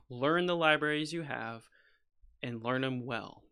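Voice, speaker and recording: A man talks through his music session on a livestream, rambling and opinionated, often restarting his sentences. His voice is bright and a little tense, and he sits in a home studio as he works. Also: medium pitch, takes it slowly, clear, resonant tone. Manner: rambling, restarts often, says "freaking" and "you know"; opinionated, goes off on a soapbox. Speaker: composer streaming a session. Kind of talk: casual livestream talk while working.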